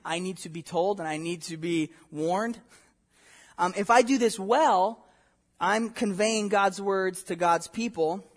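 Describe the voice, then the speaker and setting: A pastor with a notably high voice delivers an earnest sermon. He presses his points with emphatic rhetorical questions. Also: fairly bright tone.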